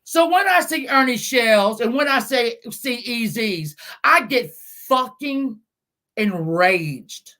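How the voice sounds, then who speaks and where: A woman ranting angrily on a live stream from her car, scolding and swearing, with bursts of shouting. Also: fairly high pitch, animated, slow pace. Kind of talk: angry live-stream rant.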